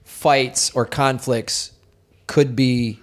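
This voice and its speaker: A man's voice: medium pitch, fairly even intonation, very slow. A comedian guest, a man, in casual podcast chat, making jokey asides.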